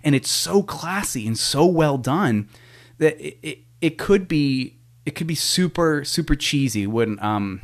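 A man's voice: fairly high pitch, animated, unhurried. A man telling a rambling, casual story as a foster parent, full of restarts and offhand swearing.

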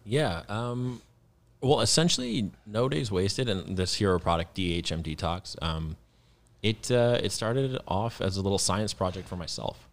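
Low voiced guy chatting on a podcast, explains stuff, lots of ums. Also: measured pace. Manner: explanatory, loose with fillers. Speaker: guest founder. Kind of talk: casual podcast chat.

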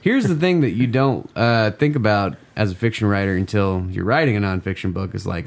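A man chatting as a podcast guest, telling animated, joking stories and laughing easily. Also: lowish voice, creaky. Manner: animated storyteller, quick to joke and laugh. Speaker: podcast guest, game writer. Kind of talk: casual interview chat.

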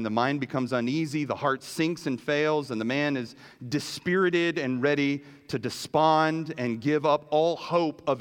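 A man's voice: mid-range voice, smooth. A man in his fifties preaching a sermon, telling a personal story in a conversational way and often repeating words as he goes. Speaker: pastor.

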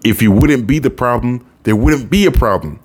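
A man reading an audiobook and voicing a weary mother who speaks slowly and with resignation. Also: mid-range voice, breathy edge, pitched above the performer's own voice, natural voice. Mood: resigned. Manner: slow, resigned. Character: weary mother who keeps defending her boyfriend. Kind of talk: audiobook character voice.

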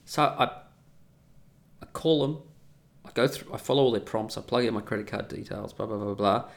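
A man's voice: lowish voice, moderate pace, creaky. A man in an opinionated, casual ranting monologue who swears freely.

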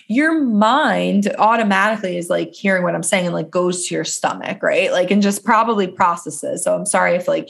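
A young woman co-hosting a podcast speaks in a relaxed, chatty way, full of "like" and lively asides. Her voice sits fairly low and carries a gravelly fry. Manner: chatty, heavy on "like", animated asides. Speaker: podcast co-host, dietitian. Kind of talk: casual podcast talk.

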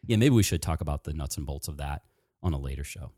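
Male podcast host, deep mellow voice, excitable, casual chat. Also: husky, dry recording, studio quality. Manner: excitable, animated, talks fast.

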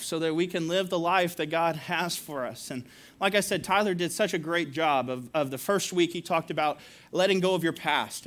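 A man's voice: a little high, fairly bright tone. A male pastor preaching a sermon, telling stories with laughs and asides to the congregation.

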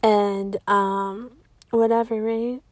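A woman's voice: mid-range voice, flat delivery, slow pace, no room sound. A young woman telling a personal story in a casual, blunt and profane way, full of "like" and fillers. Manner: profane, filler-heavy talk with constant "like"; blunt and outspoken.

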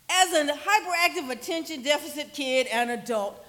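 A high, bright-voiced woman, preaching from the pulpit in an easy conversational way. She sometimes drops her voice almost to a whisper to drive a point home, and her words ring out with a long reverb through the church sanctuary. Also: animated, moderate pace. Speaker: pastor. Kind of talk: sermon.

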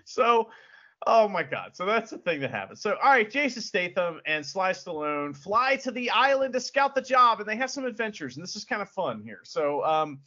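A man co-hosting a podcast, chatting casually and excitably about films, swearing and laughing often. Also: high voice, brisk, hardly any pauses, dull audio. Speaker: podcast co-host. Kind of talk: casual film review chat.

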